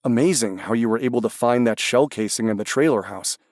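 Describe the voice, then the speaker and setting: A male narrator voicing a helpful official with years in government, who speaks briskly and reassuringly. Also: medium pitch, darkish tone, dry recording, studio quality, close to an everyday voice.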